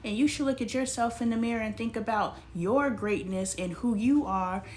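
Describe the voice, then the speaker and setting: A woman's voice: a little high, moderate pace. Blunt, preachy woman coach. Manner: blunt, preachy, swears for emphasis. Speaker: life coach. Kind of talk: casual spiritual talk and Bible reading.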